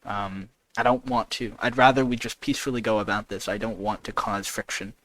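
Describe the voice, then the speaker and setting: A man's voice: fairly low pitch, fairly even intonation, brisk, a bit bright, no room sound, low-quality recording. A man playing his character in a tabletop game, speaking earnestly with hesitant restarts. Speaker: player. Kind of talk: in-character role-play.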